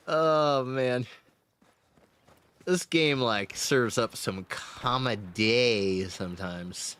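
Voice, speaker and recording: A man streaming a game and chatting casually, his voice strained and hoarse, laughing often and swearing. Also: medium pitch, fairly bright tone.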